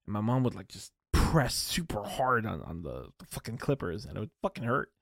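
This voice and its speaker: A man's voice: lowish voice, sing-song, brisk, vocal fry, fairly bright tone, dry recording, studio quality. A young man hosting a casual solo podcast, rambling and self-deprecating with lots of fillers and restarts. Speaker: podcast host.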